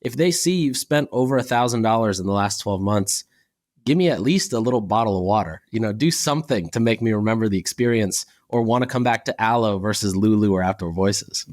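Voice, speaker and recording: A man with a fairly low voice co-hosts a podcast in easy, casual conversation. He tells his stories in a relaxed way and slips into short quoted exchanges as he goes. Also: fairly quick. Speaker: podcast co-host.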